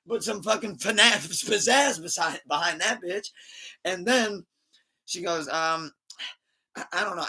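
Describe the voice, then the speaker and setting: A man hosting a podcast, telling a story in a casual, animated way, laughing and switching between loud bursts and muttered asides. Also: high-pitched, a little slow, breathy edge. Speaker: podcast host.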